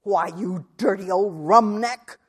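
A middle-aged frontier wife hits back at her husband in a hoarse, cutting voice, as a male narrator puts her on. She is defiant and proud, with a sneer running under every word. The voice belongs to a gritty western storybook. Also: a little high, moderate pace, darkish tone, big-room sound. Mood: scornful. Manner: sobbing, then scornful and biting. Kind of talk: audiobook character voice.

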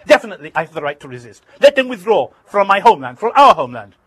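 A man voicing a furious, defiant older political leader who shouts in broken English. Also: high-pitched, very fast, slightly rough, pitched above the performer's own voice. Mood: shouting.

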